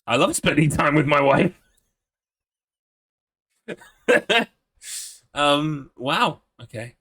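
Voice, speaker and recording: A man hosting a live game stream, talking to his chat in a friendly, upbeat flow and laughing often. His voice sits in the middle range for a man, with a bright, forward tone. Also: mid-range voice.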